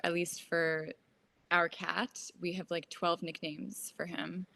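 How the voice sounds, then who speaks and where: Gravelly, low-voiced woman chatting. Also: slow, dry recording. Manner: relaxed, trails off and restarts. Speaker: guest. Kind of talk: casual chat.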